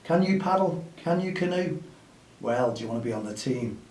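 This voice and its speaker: A man's voice: on the high side, lively intonation, moderate pace, a little mellow. A man chats in an upbeat, rallying way as host of a grassroots football show. He's outdoors and sounds a little distant from the mic. There's a roomy echo around his voice. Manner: chatty and upbeat, rallying listeners. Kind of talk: casual outdoor podcast chat.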